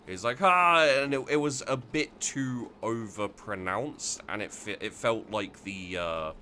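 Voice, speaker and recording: A low-voiced man chats loosely over his game footage, circling back and restarting his sentences as he goes. His voice has a bright, forceful edge, with a faint hiss underneath. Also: measured pace. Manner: rambling, many restarts and fillers. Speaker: let's play host. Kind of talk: casual gameplay commentary.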